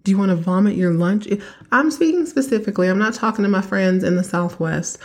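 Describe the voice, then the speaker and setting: Speaking briskly at a medium pitch, a young Texan woman hosts her own podcast in a casual solo monologue. She gives emphatic advice straight to her listeners.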